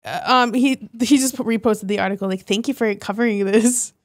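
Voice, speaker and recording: A young woman with a fairly high voice, co-hosting a podcast and casually reading quotes and posts aloud, now and then tripping over words. The sound is close and dry. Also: normal speed, no room sound. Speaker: podcast co-host.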